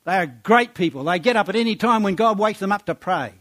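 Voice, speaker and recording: A man preaching a sermon, reading scripture aloud and exhorting his congregation with rhetorical questions, dropping low and quiet on his words of praise. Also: lively intonation, a little fast.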